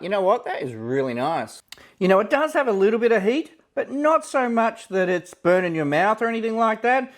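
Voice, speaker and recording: A man reviewing ration food in a casual, relaxed commentary style. He thinks aloud as he tastes, often opening with "yeah, look" and pausing on fillers. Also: sits high.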